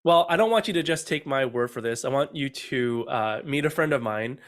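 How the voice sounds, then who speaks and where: A man's voice: medium pitch, expressive, normal speed, fairly bright tone. A middle-aged man giving an upbeat online talk on innovation, asking his listeners direct questions. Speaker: innovation speaker.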